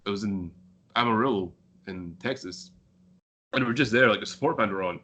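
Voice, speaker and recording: A man's voice: lowish voice, brisk, sharp tone. A Scottish man, a band member, telling rambling stories in casual chat and swearing freely. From Scotland.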